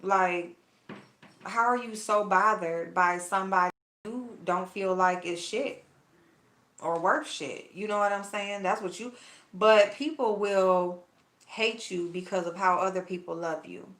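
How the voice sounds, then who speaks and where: A woman's voice: mid-range voice, a little slow, a bit bright. Chatty woman vlogger in an echoey room. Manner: chatty, blunt, gossipy, calls viewers y'all. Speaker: vlogger talking to her live chat. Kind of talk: casual chat while cooking.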